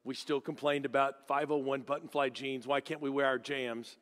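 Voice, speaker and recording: A man's voice: medium pitch, normal speed. A middle-aged man from Dallas, preaching a joking, storytelling sermon to a congregation. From Dallas, Texas. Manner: joking, animated storytelling with acted-out voices. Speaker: guest preacher. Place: church sanctuary. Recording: reverberant church hall.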